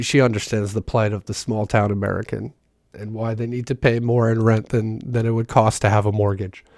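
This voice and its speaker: A fairly low, slightly mellow male voice belongs to a political commentator reading a news article, who breaks off repeatedly to mock it with sarcasm. The studio recording is clean and free of echo.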